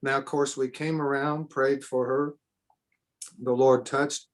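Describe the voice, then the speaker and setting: A man's voice: mid-range voice, flat delivery, unhurried. A middle-aged man teaching a church seminar in an earnest way, repeating himself for emphasis and adding spontaneous asides. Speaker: preacher.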